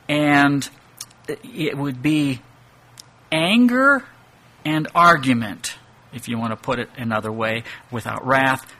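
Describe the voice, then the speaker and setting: Bright-voiced man teaching Scripture. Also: mid-range voice. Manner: thinking aloud with restarts and rhetorical questions. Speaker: Bible teacher. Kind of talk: expository Bible teaching.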